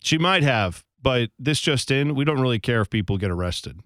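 A man co-hosting a radio talk show, arguing his point in a rambling way with halting restarts. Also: mid-range voice, expressive, fairly bright tone, dry recording, studio quality. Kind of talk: casual banter.

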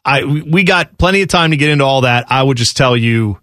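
Animated male sports radio co-host. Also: medium pitch, a little fast, dry recording, clean studio sound. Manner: rambling, laughs easily, acts out quotes in voices. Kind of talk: casual sports talk banter.

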